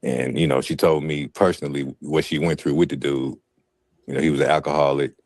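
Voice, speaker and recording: Very deep-voiced laid-back man. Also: steady tone, a little fast, a little mellow, no echo. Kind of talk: casual podcast talk.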